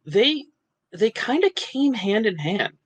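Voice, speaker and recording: A man's voice: sits high, sing-song, takes it slowly, dry recording, poor audio. Chatty self-deprecating man, dry close sound. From New Jersey. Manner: chatty, self-deprecating, laughs often, frequent restarts. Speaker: interview guest, actor and writer. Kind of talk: casual interview chat.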